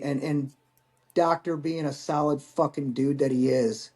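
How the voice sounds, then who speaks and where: A man in his forties, a Marine veteran appearing as a podcast guest, tells stories casually, rambling candidly and swearing without a second thought. His voice sits on the high side and sounds mellow, with fairly even intonation at a normal speed.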